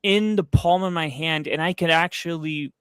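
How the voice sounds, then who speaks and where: A man's voice: on the high side, normal speed, smooth, no room sound, clean studio sound. A man casually co-hosting a podcast, telling a long personal story full of fillers and asides. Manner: rambling, animated storyteller with frequent fillers. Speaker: podcast co-host. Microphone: streaming setup, close mic.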